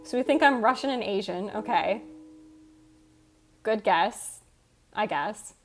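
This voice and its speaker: A woman's voice: medium pitch, lively intonation, slow pace. Rambly, casual woman streamer. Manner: rambling, self-interrupting and swearing casually. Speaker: livestreamer. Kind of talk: casual chat reading out viewer comments. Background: faint background music.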